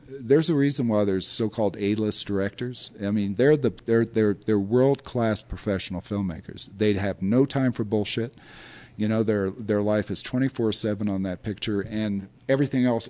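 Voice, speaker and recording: Older guy spinning loose film-set stories, kinda low voice, acts out quotes, laughs a lot. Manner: rambling, animated storyteller who acts out quotes and laughs often. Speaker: film historian guest. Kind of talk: casual anecdotal storytelling.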